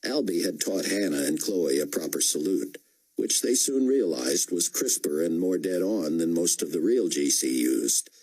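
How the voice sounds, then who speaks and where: A man narrating a novel as an audiobook, with measured storytelling. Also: low-pitched, lively intonation, darkish tone, slightly rough, rough recording. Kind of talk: scripted narration.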